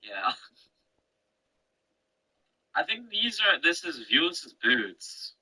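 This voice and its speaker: A man's voice: fairly high pitch, very animated, very slow, pushed and bright, slightly rough, rough recording. A man chatting casually over voice chat while gaming, rambling and repeating himself, swearing now and then. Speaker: gamer. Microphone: online voice chat mic.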